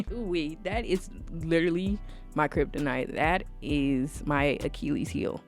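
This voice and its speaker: A woman vlogger telling a casual story time with animated, sassy emphasis. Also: lowish voice, measured pace, soft background music.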